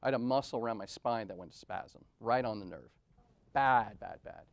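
Gravelly and fairly low-pitched, a man in his forties speaks at a moderate pace, recounting personal stories with self-deprecating candor and frequent "right?" at an event venue conference. The recording has no room sound and is muffled.

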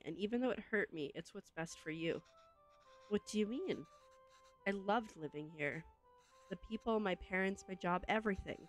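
A woman reading aloud the lines of a middle-aged immigrant mother from a game, gentle but firm, in close to her own voice. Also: on the low side, natural voice. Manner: reads game dialogue aloud in a near-plain voice.

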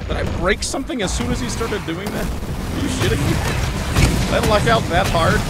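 A man streaming a game, commentating live with excitable, profane trash talk at the monster he fights. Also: high voice, normal speed. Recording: loud background noise.

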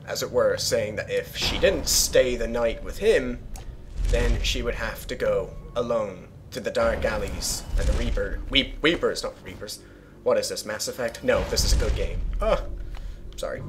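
A man's voice: on the low side, a bit bright, slight background noise. Sarcastic, swearing man. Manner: sarcastic, swearing, rambling asides. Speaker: let's play host. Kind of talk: casual game commentary.

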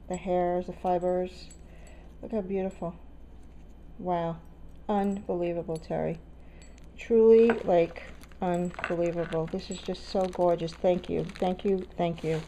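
A craft vlogger with a mellow, lowish voice opens a swap box on camera, gushing, gasping and repeating her exclamations in excited unboxing chatter. There's slight background noise.

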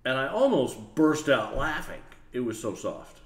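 A man tells a story in a casual, lively way and acts out the voices of the people in it. His voice is of middle pitch. The recording has an echoey room sound. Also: measured pace. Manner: animated, acts out voices and laughs while telling.

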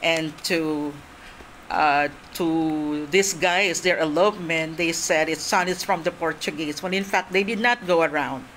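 A woman's voice: low-pitched, a little slow, a bit bright, a little hiss or hum, low-quality recording. A woman from the Philippines giving a classroom lecture on poetry, explaining step by step and repeating her points, with frequent fillers.

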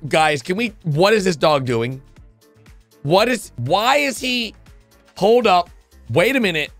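Hyped guy reacting to funny vids, bouncy lively voice, faint music behind. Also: high-pitched, dry recording. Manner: excitable, exclamatory, jumps between thoughts. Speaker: video reactor. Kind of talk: casual reaction commentary.

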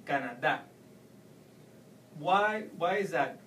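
A man's voice: on the high side, fairly bright tone, slight background noise. Man teaching in an echoey room. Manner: explains slowly, repeats examples. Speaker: Spanish teacher. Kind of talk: video language lesson. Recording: echoey room, mic at a distance.

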